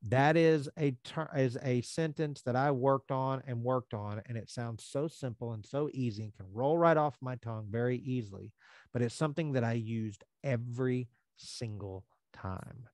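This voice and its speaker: A man's voice: mid-range voice, normal speed, darkish tone, no room sound. A man giving a live training talk to contractors, speaking conversationally and acting out quotes from customers.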